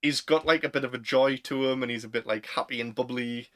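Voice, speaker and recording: A young man with a Northern English accent, co-hosting a casual chat, chatty and quick to laugh. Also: medium pitch, fairly even intonation, a bit bright. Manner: chatty, laughs often, fillers. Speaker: podcast co-host.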